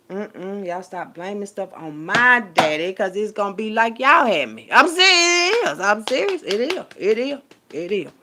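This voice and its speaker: A woman delivering a profane, preachy rant as a little sermon, swinging between hushed asides and loud outbursts. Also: on the low side, vocal fry. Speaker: vlogger giving a street sermon.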